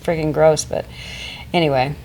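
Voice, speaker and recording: A woman's voice: deep voice, steady tone, moderate pace, dark tone, a little hiss or hum, low-quality recording. A middle-aged woman, a mother co-hosting a podcast, talking in casual chat with a wry, self-deprecating humor. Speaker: podcast co-host, mother of the other host.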